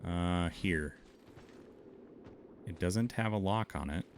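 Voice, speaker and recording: Minnesotan-accented guy streaming a game, low voice, slow chatty talk, faint hum behind. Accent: Upper Midwestern (Minnesotan). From Montana, USA. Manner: chatty, answers chat while playing, laughs often. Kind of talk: casual gameplay commentary.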